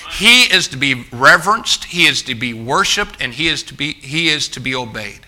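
A male pastor delivers a sermon to a congregation in a church, with a very bright, tense and cutting tone. He is emphatic and insistent, repeats himself as he restarts phrases, and keeps addressing the room directly. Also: a little high, expressive, moderate pace. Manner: emphatic preaching, often restarting phrases and calling out to the congregation as folks.

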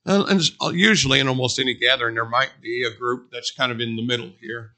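Moving at a quick pace, this preacher keeps his sermon casual and story-driven, pressing each point by saying it again and again. His voice is forceful and bright, pitched at an ordinary middle range for a man.

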